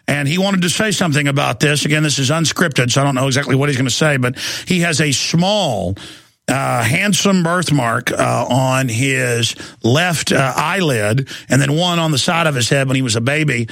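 A man's voice: medium pitch, moderate pace, vocal fry, fairly bright tone, no room sound. A middle-aged man hosting a talk radio show, ranting heatedly and often stammering and repeating his words.

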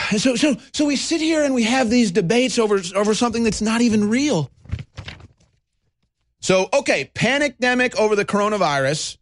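A man hosting a heated ranting monologue, talking fast and animated, sighing and mocking others in put-on voices. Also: high voice. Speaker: host.

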